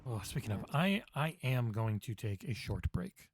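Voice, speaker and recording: A man streaming a game for charity on a headset mic, chatting excitedly with viewers and swearing freely. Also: mid-range voice, normal speed. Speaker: charity livestream gamer. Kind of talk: casual game-stream commentary. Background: game music.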